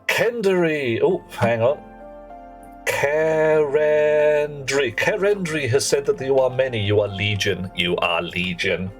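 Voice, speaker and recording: A man, chatting jokily on a live game stream and reading viewer names aloud. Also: medium pitch. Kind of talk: live gameplay stream chat.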